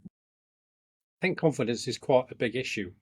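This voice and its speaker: A man hosting an interview, asking relaxed questions and prompting with tag questions. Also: mid-range voice, unhurried, husky. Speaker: interviewer, host.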